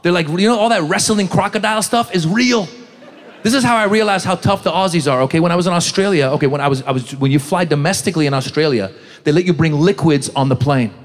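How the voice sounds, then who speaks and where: Man, stand-up comic, middle-aged, high pitch, energetic, acts out characters, stage mic. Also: fast talker. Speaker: stand-up comedian. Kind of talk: stand-up comedy set. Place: comedy club stage before a live audience.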